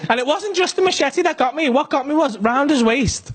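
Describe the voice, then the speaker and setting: Northern bloke doing stand-up, sweary story, high voice that swings all over. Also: male voice, fairly quick. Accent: Northern English. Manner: animated, sweary, conversational asides. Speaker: stand-up comedian.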